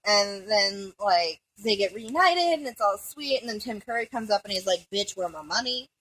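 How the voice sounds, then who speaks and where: Woman, bright husky voice, rambling casual recap, profane and giggly, home among friends. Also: medium pitch, lively intonation, normal speed, rough recording. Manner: rambling, profane, giggly, jumps between asides.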